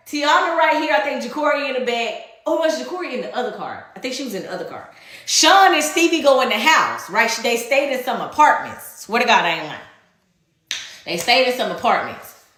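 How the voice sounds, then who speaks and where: A woman tells a personal story in a lively, profane storytime style, often laughing through her words. Her voice sits high and bounces across a wide range. The recording rings with heavy room echo. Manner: animated, profane, laughs while telling. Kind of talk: casual storytime. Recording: echoey room.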